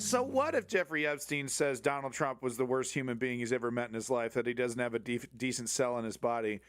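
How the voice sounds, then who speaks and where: A man voicing a mock right-wing male TV fan, ranting sarcastically with sudden shouts. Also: medium pitch, no room sound, voice pushed down, lightly acted. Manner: sarcastic mocking rant, swings to shouts.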